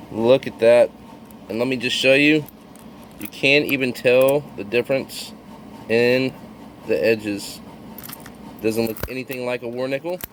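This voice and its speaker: A man's voice: medium pitch, a little hiss or hum. A man narrating his coin roll hunt with thrilled exclamations to his viewers. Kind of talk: excited hobby video narration.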